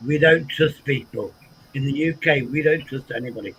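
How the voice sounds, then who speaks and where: A man with an English accent hosting a casual livestream chat, animated and swearing freely with frequent repeats. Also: a little high, normal speed, a little hiss or hum, poor audio. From England. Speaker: livestream host.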